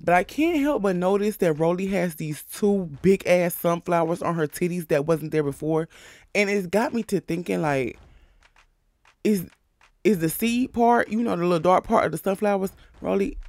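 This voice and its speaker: A man's voice: high voice, normal speed, a little mellow, no room sound. A man casually recapping a reality show, bluntly and with jokes, acting out the cast members' lines. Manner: blunt, profane, joking asides.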